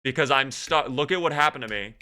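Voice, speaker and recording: A man's voice: medium pitch, brisk, pushed and bright, clear, resonant tone. A young man giving casual, swear-heavy commentary while playing a video game. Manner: swears a lot, rants when angry. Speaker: gaming streamer.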